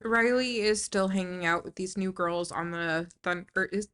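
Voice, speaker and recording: A woman's voice: on the low side, normal speed, fairly bright tone, clean tone. A woman co-hosting a podcast, recapping a film casually with fillers and restarts. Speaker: podcast co-host. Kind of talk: casual movie discussion.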